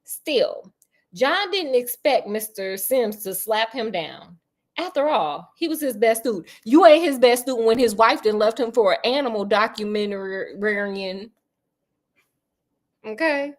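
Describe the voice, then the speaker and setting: A woman reading a novel aloud as a storyteller, breaking off for sassy, animated asides. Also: fairly high pitch, measured pace.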